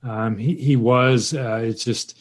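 A man's voice: mid-range voice, steady tone, slow. A man co-hosting a casual podcast chat, talking hesitantly with many restarts and fillers. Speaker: podcast co-host.

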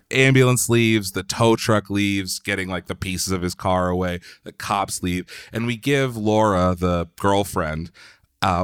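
A man's voice: lowish voice, a bit bright, clean tone, no echo, clean studio sound. A man from Philadelphia, a podcast guest, telling a long story in a loose, chatty way, full of "like" and the odd swear word. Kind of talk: casual storytelling.

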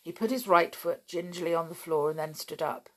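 A woman's voice: lowish voice, brisk. A woman reading a children's book aloud for a podcast, chatty in her sign-off. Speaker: podcast reader.

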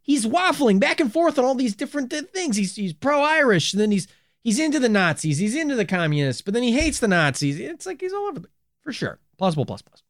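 A man's voice: extremely high pitch, big pitch swings, brisk, no echo, studio quality. A man co-hosting a podcast in casual, crude, joking chat, and laughing often. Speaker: podcast co-host.

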